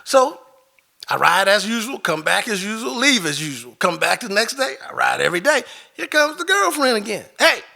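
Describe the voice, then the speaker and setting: A man telling a personal story live on stage into a microphone, animated, swinging from loud outbursts to hushed moments. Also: sits high, moderate pace, vocal fry. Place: stage before an audience.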